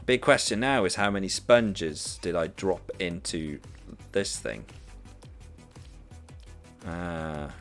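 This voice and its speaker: A Norwegian man speaks English with a British accent he learned growing up. His voice sits on the low side as he chats casually, stopping and restarting often, with faint music in the background. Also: lively intonation, slow pace, long pauses, a bit bright. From Norway. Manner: hesitant, many fillers and restarts. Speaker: streamer, teacher. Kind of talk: casual chat while gaming.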